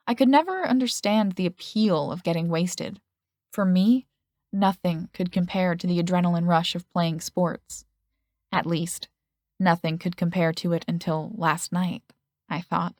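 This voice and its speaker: A woman reading a first-person audiobook in a steady, intimate storytelling manner. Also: on the low side, unhurried, no echo, studio quality. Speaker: audiobook narrator.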